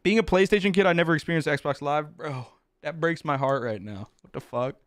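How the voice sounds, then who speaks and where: A man's voice: on the high side, brisk, fairly bright tone, no room sound, clean studio sound. A man streaming live, chatting casually with his chat, joking and swearing as he reacts. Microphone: close desk mic with headphones.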